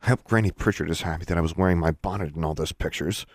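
A man's voice: low-pitched, fast talker, dry recording, clean studio sound. A man doing a furious teenage witch girl. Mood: tense. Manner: sharp, indignant outbursts. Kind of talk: audiobook reading.

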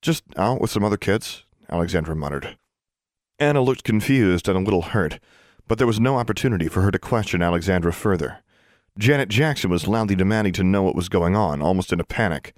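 A man narrating an audiobook chapter with expressive storytelling. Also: low-pitched, quick pace, dry recording, studio quality. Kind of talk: scripted narration.

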